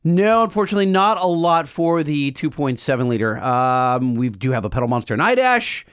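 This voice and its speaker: A man's voice: on the high side, very animated, normal speed, clear, resonant tone, dry recording, clean studio sound. A man co-hosting a podcast in casual chat, loose and joking as he reads out the hotline number. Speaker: podcast co-host.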